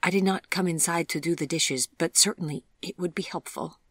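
A narrator voicing a proud young woman who speaks crisply and daringly in an audiobook. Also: fairly low pitch, a little fast, a bit bright, no room sound, studio quality. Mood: challenging. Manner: crisp, daring, a little haughty.

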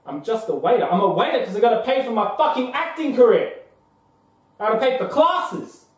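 A hot-tempered broke young waiter, played by a man, swearing freely and flaring up fast. His voice sits high and swings widely in pitch. It sounds distant, in a very echoey room. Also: lively intonation. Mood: irritated. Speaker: actor in a comedy short.

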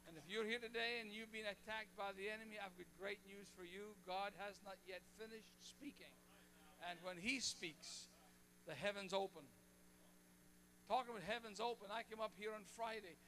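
Older preacher with a high, gravelly voice. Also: male voice, steady tone, normal speed, sharp tone, a little hiss or hum. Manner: joking, folksy storytelling. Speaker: pastor. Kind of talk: sermon. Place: church.

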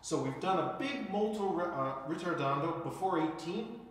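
A man teaching viola, calling out counts, accents and dynamics as he demonstrates, then explaining calmly. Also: on the high side, normal speed, over loud music. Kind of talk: instructional music lesson. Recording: echoey room with viola playing. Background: viola playing.

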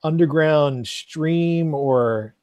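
Over an online call, a man with a fairly high-pitched voice narrates a tabletop game as its game master. He sounds relaxed, pausing haltingly while he hunts for words.

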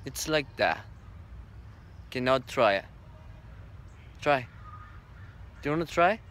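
A man's voice: mid-range voice, slow pace, a bit bright, slight background noise. A man talking fondly to his pet bird outdoors at a farm, coaxing and repeating words to it. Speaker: pet owner filming his cockatoo. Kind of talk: casual talk to a pet.

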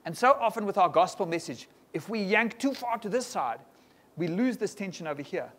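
A man preaches to a church congregation, his voice sitting a little high. He keeps things lively and often asks the room quick questions. Sermon delivery, with the congregation right there in front of him. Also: slightly rough. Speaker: pastor. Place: church hall before a congregation.

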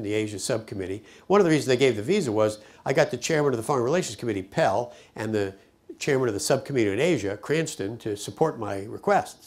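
An older man recounting his peace work in a lively storytelling manner, acting out the voices of the people he quotes. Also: medium pitch. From United States. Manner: animated storyteller, acts out quoted speech. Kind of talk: personal storytelling to camera.

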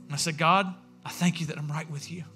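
A pastor preaches in a loose, story-driven way, dropping into little voices for the people he quotes. His voice is high-set and very bright, and soft music sits under it. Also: fairly even intonation, fast talker. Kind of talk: sermon. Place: church sanctuary.

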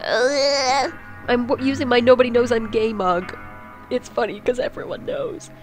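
A woman's voice: fairly high pitch, steady tone, moderate pace, faint music behind. A young woman playing a text game, reading aloud and joking crudely about herself as she goes. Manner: crude, self-mocking, rambling. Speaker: let's play gamer.

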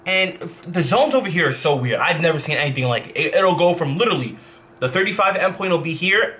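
Bright-voiced young man telling a rambling story. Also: on the high side, a little hiss or hum. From New Jersey. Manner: rambling, animated, swears and backtracks often. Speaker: vlogger, professional gamer. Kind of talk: casual storytelling vlog.

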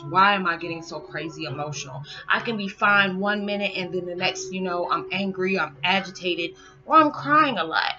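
A middle-aged woman, chatting casually to camera at home, rambling and correcting herself and laughing often. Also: lowish voice. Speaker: spiritual vlogger. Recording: dull lo-fi sound with loud music behind. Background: meditation music playing.

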